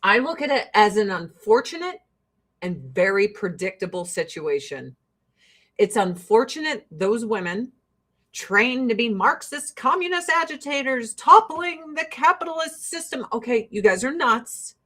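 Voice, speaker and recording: A woman's voice: on the high side, lively intonation, unhurried, fairly bright tone. A woman host giving profane, exasperated commentary to her livestream viewers and mocking the people she talks about.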